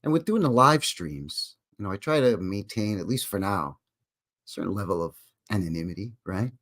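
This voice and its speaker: A man's voice: lowish voice, animated, moderate pace, fairly bright tone. Chatty Canadian man hosting a stream. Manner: chatty, jokey, self-deprecating, lots of restarts. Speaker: live-stream host. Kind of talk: casual live-stream chat.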